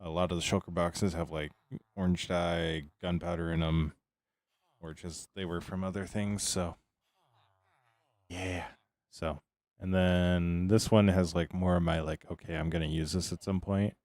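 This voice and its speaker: A man's voice: deep voice, level tone, a little slow, a little mellow, no echo. A man giving casual livestream commentary as a game streamer, rambling along and answering his chat between remarks.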